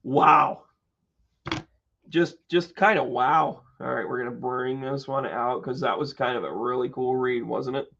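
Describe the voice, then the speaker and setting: A man's voice: medium pitch, unhurried, gravelly, a bit bright, muffled recording. A man doing a live-streamed tarot reading as its host, exclamatory and joking, swearing freely and greeting viewers by name. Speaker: tarot reader and medium.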